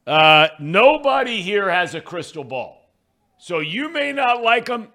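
Brief: animated male sports host, folksy and emphatic, bright tone. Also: high voice, measured pace. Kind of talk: casual sports talk.

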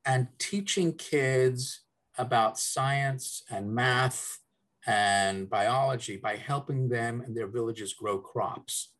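Man, podcast guest, from South Africa, middle-aged, rambling, restarts sentences, mid-pitched voice. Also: a bit bright. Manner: rambling, with frequent restarts and fillers. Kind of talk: casual interview chat.

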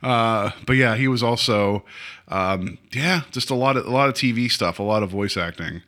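Bright-voiced rambling man in his forties. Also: mid-range voice, normal speed. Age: 40s. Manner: rambling, self-deprecating, many fillers. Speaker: podcast co-host. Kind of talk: casual chat.

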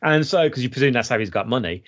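A man's voice: mid-range voice, lively intonation, fast talker. A man chatting casually about a film as a podcast host, retelling scenes with lots of restarts. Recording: dull lo-fi sound.

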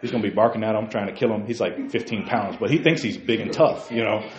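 A man preaching a sermon in a church, animated, swinging from quiet asides to shouts and calling listeners by name. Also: lowish voice, fast, roomy sound. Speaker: pastor. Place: church sanctuary.

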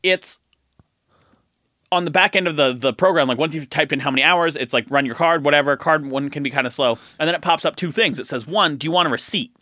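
A young man telling a story in casual podcast chat, getting loud and heated as he acts out the scene. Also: fairly high pitch, fast talker, dry recording, studio quality. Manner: animated, gets loud and heated acting out his story.

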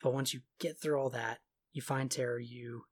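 Husky man recapping a game casually. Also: mid-range voice, steady tone. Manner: sarcastic, offhand retelling with quick mock quotes. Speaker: podcast co-host recapping a game story. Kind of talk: casual chat.

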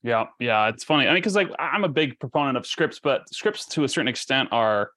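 A man hosts a podcast, and his talk comes out fast and loose, full of "like" and "you know". His pitch sits in the middle of the usual range. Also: expressive, bright, forceful tone. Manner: fast, filler-heavy, lots of "like". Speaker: podcast host. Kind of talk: casual interview chat.

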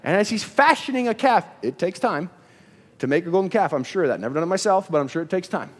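A man preaching a sermon in a church, animated, acting out the people in the story as he goes. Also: high voice, quick pace, long reverb tail. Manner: animated preaching, voices biblical figures in asides. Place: church sanctuary.

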